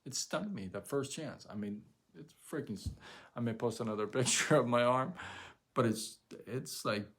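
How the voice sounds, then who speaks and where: A man hosting a live stream, telling a story casually in a rambling, animated way, full of fillers and restarts. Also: mid-range voice, normal speed.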